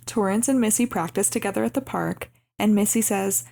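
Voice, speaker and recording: A young woman co-hosting a podcast who recaps a movie casually and acts out the quoted lines with lively changes of voice. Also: medium pitch, moderate pace, gravelly. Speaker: podcast co-host.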